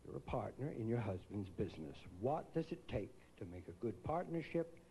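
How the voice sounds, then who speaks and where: A man hosting a live pageant on stage, teasing the contestants with quick jokes as he interviews them. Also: mid-range voice, sing-song, dark tone, a little hiss or hum, poor audio. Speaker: pageant host. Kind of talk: joking live pageant emcee.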